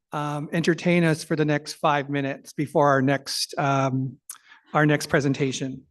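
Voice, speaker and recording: Halting male emcee with a higher voice. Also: fairly bright tone. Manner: halting, with fillers. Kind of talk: stage introduction. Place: large event hall.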